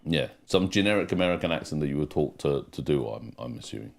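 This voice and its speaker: With a very deep, lively voice marked by vocal fry, a man talks fast as he co-hosts a music livestream from home. He reads out the chat in a rambling, chatty way packed with fillers.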